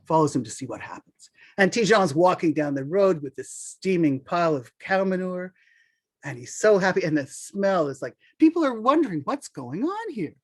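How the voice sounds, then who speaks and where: Animated folk-tale storyteller. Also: medium pitch, moderate pace. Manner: animated, repeats words, sprinkles in French. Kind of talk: oral folk-tale telling.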